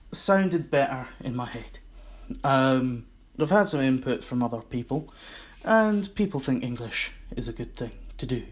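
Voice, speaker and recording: A Scottish man hosts his own podcast, rambling and mocking himself in a casual solo monologue. His voice is medium in pitch.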